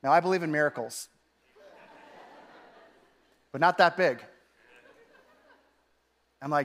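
A pastor delivers a casual, animated sermon, peppering it with "like." His voice sits high for a man. Long reverb from the church hall trails behind every phrase. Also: normal speed, long pauses. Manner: conversational, animated, frequent "like" fillers.

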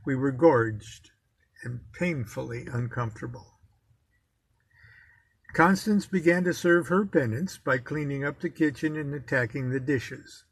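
A man's voice: medium pitch, a little slow, slightly rough. A man reading aloud from his own memoir, telling the story in a wry, self-mocking way.

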